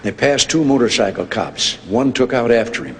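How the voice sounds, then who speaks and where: Older male speaker, folksy dry-humored storyteller, average pitch, big hall reverb with faint noise. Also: animated, moderate pace, creaky. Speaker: public speaker. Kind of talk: joke-filled speech.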